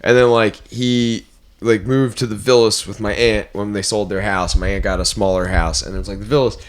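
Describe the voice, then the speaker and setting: A man's voice: fairly low pitch, little pitch movement. A young man, co-hosting a podcast in casual chat, stumbling over restarts and fillers. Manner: halting, stacks of restarts and fillers. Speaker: podcast co-host.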